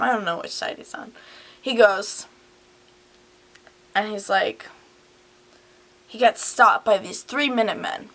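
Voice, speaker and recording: A woman's voice: mid-range voice, fairly even intonation, normal speed, long pauses, fairly bright tone. A drunk young woman giggling and swearing as she retells a history story in a rambling, casual way, filmed on a handheld camera at home. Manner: giggly, profane, rambling, slurred asides.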